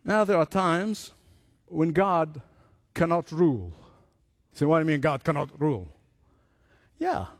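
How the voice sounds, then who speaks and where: A man preaching a sermon, telling stories with lively acted-out voices. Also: a little high, measured pace, long pauses, no room sound, clean studio sound. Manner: animated storytelling, acts out voices.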